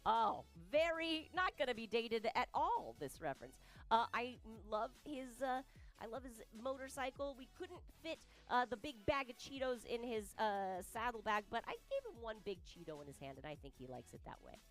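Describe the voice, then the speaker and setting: A woman's voice: on the high side, lively intonation, normal speed, faint music behind. A woman hosting her balloon art stream, chatting casually in a playful, gushing way. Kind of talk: casual chat.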